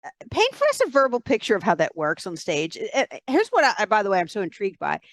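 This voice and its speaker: A woman's voice: mid-range voice, wildly swooping pitch, fast talker, no echo. A woman hosting a podcast interview, encouraging her guest and laughing often. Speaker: podcast host. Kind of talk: conversational interview.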